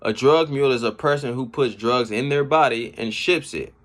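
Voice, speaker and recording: A man giving casual, slangy commentary on rap battle bars. He reacts with laughs and shouts as he explains each line. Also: medium pitch, moderate pace. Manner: slangy street talk. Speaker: battle rap breakdown host.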